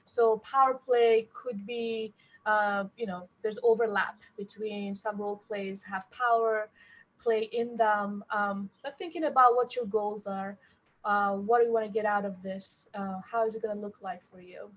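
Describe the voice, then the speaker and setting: A woman co-hosting a webinar, explaining in a measured, guiding way with some fillers. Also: medium pitch, steady tone, low-quality recording. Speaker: webinar co-host.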